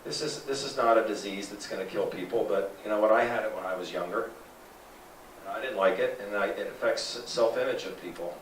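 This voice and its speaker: A lower-voiced man makes an animated sales pitch to a live audience, asking the crowd questions. He sounds set back from the mic in an echoey room. A faint hum of the room sits behind him. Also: brisk, far from the mic. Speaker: presenter at a sales talk.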